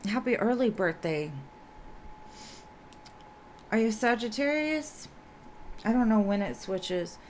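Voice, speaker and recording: A woman with a slightly scratchy voice chats unhurriedly on a live stream as a tarot reader. She greets each viewer in turn in a relaxed, chatty way, with faint ambient noise behind her. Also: fairly high pitch, takes it slowly, pauses often. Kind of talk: casual live-stream chat.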